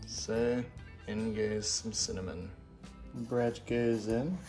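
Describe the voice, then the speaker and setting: A man's voice: lowish voice, fairly even intonation, slow, a little mellow, soft background music. A man chatting casually and cheerfully through a cooking vlog, poking fun at himself. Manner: chatty, upbeat, self-deprecating. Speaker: vlogger.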